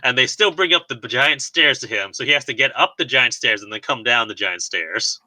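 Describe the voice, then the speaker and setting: Podcast co-host, male, chatty and rambling, very bright voice, mid pitch. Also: fairly quick, poor audio. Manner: rambling, laughs often, lots of "like" and restarts. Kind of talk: casual chat recapping a film.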